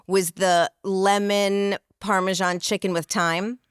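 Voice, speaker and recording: A woman podcast host telling a story in casual chat, animated and acting out quotes. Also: medium pitch, slow, smooth, no room sound, studio quality.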